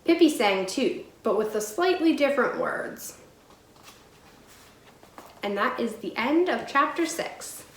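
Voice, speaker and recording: A woman teacher reads a storybook aloud in a clear, steady way. Her voice sits a little high. The room around her is echoey. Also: slow, long pauses.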